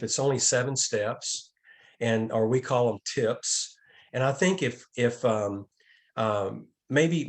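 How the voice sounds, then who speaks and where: An outreach director gives a training talk over a video call in a mid-range voice. He speaks calmly but often restarts sentences and repeats words.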